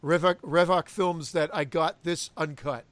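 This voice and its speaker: A man's voice: on the high side, measured pace, no echo. A man co-hosting a casual movie chat, reminiscing with lots of fillers. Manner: relaxed, reminiscing, trailing fillers. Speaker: podcast co-host.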